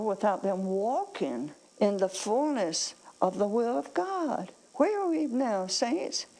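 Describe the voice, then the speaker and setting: A woman's voice: on the high side, warm tone, rough recording. A woman preaching a sermon, calling on the congregation for amens and reading scripture aloud with emphasis. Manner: calls out to the congregation, asks for amens.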